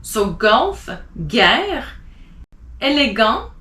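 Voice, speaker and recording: A woman teaching French pronunciation, spelling out letters and slowly repeating example words. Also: fairly high pitch, sing-song, pushed and bright, roomy sound.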